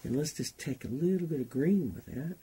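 A man's voice: on the high side, animated, fairly quick, mellow, breathy edge. A man teaching a painting class, talking unhurriedly and thinking aloud as he paints. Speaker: painting instructor. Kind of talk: relaxed painting demonstration.

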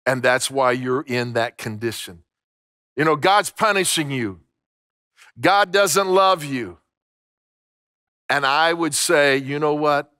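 A man's voice: mid-range voice, a little slow, bright, forceful tone, no echo, clean studio sound. A middle-aged man preaching a sermon as pastor, emphatic, repeating phrases and restarting words. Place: church sanctuary.

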